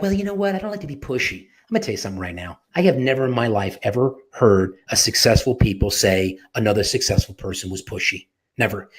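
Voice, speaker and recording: A man coaching on sales and networking in an energetic, emphatic motivational talk, often restarting his sentences. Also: medium pitch, slightly rough.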